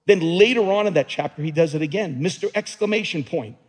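A man pastor preaching a dramatic sermon in a church, dropping to hushed tones and climbing to shouts. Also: fairly high pitch, a little fast, big-room sound.

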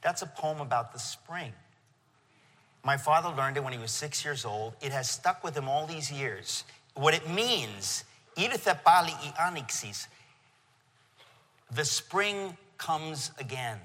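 A middle-aged man preaching a sermon to a congregation, telling a story with animated emotion. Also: medium pitch, unhurried. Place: church venue. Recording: long hall reverb.

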